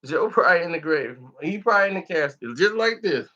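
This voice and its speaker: A man vlogger giving comedic reaction commentary, laughing often and jumping into impressions. His voice is bright and very lively in pitch. The recording is dull and lo-fi. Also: quick pace. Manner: animated, laughs often, acts out the people he talks about.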